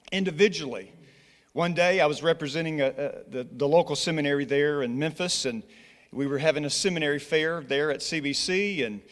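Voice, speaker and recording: Earnest Scottish man in an echoing church. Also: medium pitch. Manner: earnest, exhorting, tells stories with frequent restarts. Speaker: college church relations director. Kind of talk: church presentation with personal story. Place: church sanctuary. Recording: long reverb in a large church hall.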